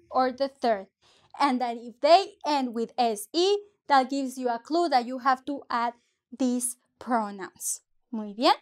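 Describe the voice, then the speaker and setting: High-voiced, slow-talking teacher woman. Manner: patient, explains step by step, mixes English and Spanish. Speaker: Spanish teacher. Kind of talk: language lesson.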